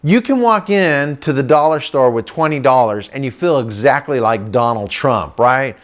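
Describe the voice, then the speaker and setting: A middle-aged man telling a funny family story to a live audience, animated and chatty, slipping into sing-song voices for the people in it. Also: medium pitch, normal speed. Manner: lively storyteller who breaks into sing-song voices for his characters. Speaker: comedic motivational speaker.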